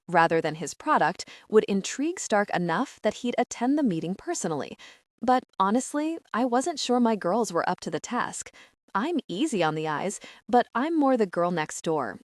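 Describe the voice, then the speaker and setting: A young adult woman narrating a first-person romance audiobook in a measured, expressive storytelling manner. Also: mid-range voice, no room sound, clean studio sound.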